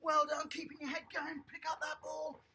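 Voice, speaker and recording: A children's tennis coach, giving a lively, encouraging home lesson and praising the young players outdoors in a garden. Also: high voice, moderate pace, vocal fry.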